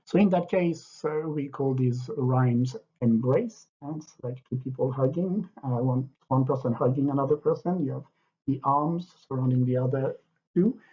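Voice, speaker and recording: Older man, husky. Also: medium pitch, normal speed, mellow. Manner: hesitant, many fillers, explanatory. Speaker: French literature teacher. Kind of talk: lecture with poetry reading. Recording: dull, lo-fi.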